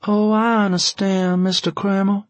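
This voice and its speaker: A man voicing a young widow who answers softly and gently. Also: medium pitch, level tone, unhurried, no room sound, voice pushed up, lightly acted. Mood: gentle. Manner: soft, brave and gentle. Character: young soft-spoken widow, gracious.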